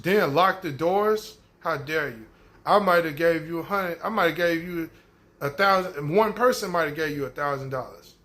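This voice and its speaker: A man's voice: fairly high pitch, fairly bright tone. A man giving casual commentary on a news story, talking bluntly and repeating himself, often cussing in exasperation. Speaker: commentator, host of own channel.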